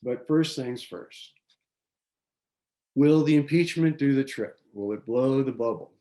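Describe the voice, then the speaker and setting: Man, forum host, prepared political commentary, measured delivery, community TV studio. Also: mid-range voice, mellow. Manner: measured, reads from notes with small restarts.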